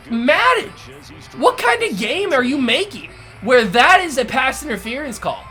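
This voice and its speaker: A man hosting a gaming channel, ranting furiously through live gameplay commentary, swinging from shouts to low mutters. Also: very animated, unhurried, soft background music.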